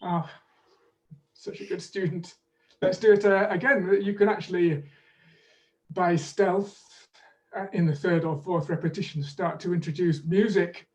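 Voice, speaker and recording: A man presenting as a pronunciation teaching expert in an online webinar, explaining in a measured way and leading drills over a video call. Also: high-pitched, fairly even intonation, far from the mic, muffled recording.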